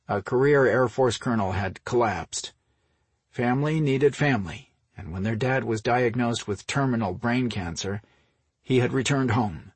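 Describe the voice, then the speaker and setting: A man reading an audiobook as the narrator, in steady, even storytelling. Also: medium pitch, husky, no echo. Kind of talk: scripted narration.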